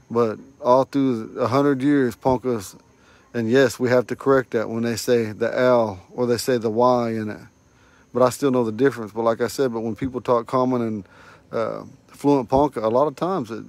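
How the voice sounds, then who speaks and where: A man teaching a casual online language lesson, recorded on a phone at home, saying each word slowly and repeating it for learners. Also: mid-range voice, darkish tone. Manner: slow, repeats words for learners.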